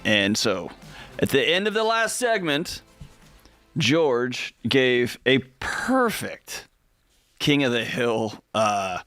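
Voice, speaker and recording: A man co-hosting a talk radio show, his pitch bouncing all over as he clowns around. His voice is bright and forceful. Light music plays behind him in a dry studio. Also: takes it slowly, no room sound. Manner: playful, animated, self-mocking. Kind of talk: lively talk radio banter.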